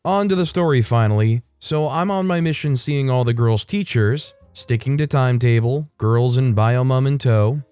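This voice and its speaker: Male narrator at a mid pitch, reads online stories expressively over faint background music. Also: moderate pace, hardly any pauses, mellow, clear, resonant tone, no room sound. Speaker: narrator reading online posts. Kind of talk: scripted story narration.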